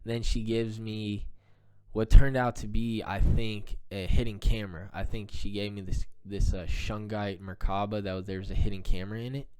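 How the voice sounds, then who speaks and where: A man's voice: on the low side, flat delivery, moderate pace, a little mellow, smooth. A man casually telling a rambling personal story, with frequent fillers and repetitions. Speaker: vlogger telling his life story.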